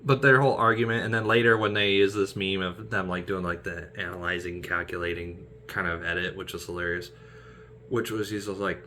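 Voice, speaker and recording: A man's voice: low-pitched, level tone, a little fast, pushed and bright, a little hiss or hum. A man chatting casually and animatedly about favorite film scenes, laughing often. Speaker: aspiring actor vlogger.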